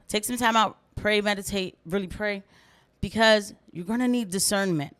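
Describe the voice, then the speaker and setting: A woman hosting a reaction commentary vlog, animated and rambling as she talks straight to her viewers. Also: mid-range voice, brisk. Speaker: commentary vlogger.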